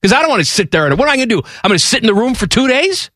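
A male radio host telling a story in a lively, emphatic, exasperated way in a studio. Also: extremely high pitch, rapid-fire, no echo. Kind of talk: animated storytelling on talk radio.

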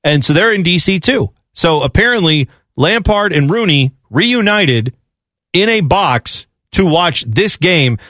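A male sports radio host chatting casually, rambling from point to point and laughing often. His voice sits a touch high and moves a lot in pitch. The sound is dry and close. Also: lively intonation, a little slow, pushed and bright, no room sound. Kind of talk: casual chat.

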